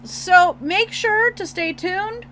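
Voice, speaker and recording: High, bright-voiced teasing woman. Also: takes it slowly. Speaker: podcast co-host. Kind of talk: casual chat.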